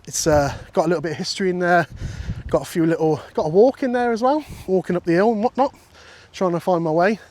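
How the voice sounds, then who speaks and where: A man's voice: sits high, fast talker, hardly any pauses, darkish tone. A man vlogging on a countryside walk, chatting and joking with viewers and the sheep he passes. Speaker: walking vlogger. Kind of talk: casual walking vlog chat. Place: outdoors on countryside fields and paths. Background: faint wind outdoors.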